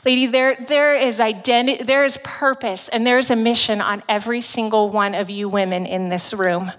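A large hall adds long reverb as a woman delivers a sermon to a women's gathering, conversationally and emphatically retelling scripture. A ministry speaker, her voice is a little high, a bit bright, fairly even, at normal speed.

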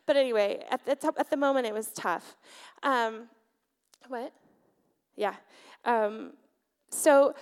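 A woman's voice: on the high side, clear, resonant tone. A woman in her thirties or forties preaching a sermon before a congregation. She tells a personal story in a candid, conversational way, with filler words. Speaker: church speaker, pastor's wife. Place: church sanctuary before a congregation.

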